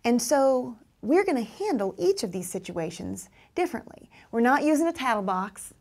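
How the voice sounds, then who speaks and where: A woman's voice: on the high side, very animated, moderate pace, a little mellow. A woman teaching parents and teachers how to respond to children, acting out kids' voices and adult replies. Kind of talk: instructional talk to parents and teachers.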